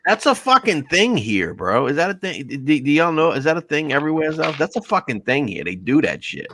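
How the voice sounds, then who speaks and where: A man's voice: fairly high pitch, very animated, a little fast, bright, forceful tone, a little hiss or hum. A man telling rambling, profane stories with lots of laughter in a casual podcast chat. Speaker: guest.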